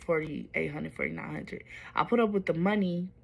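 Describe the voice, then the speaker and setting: A woman's voice: low-pitched, moderate pace, creaky, breathy edge. A woman telling a personal storytime to her viewers, candid and confiding, with wandering asides.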